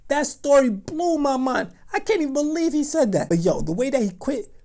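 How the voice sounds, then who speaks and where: A young adult woman telling a storytime vlog in an animated, slangy, dramatic way. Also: sits high, moderate pace. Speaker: vlogger.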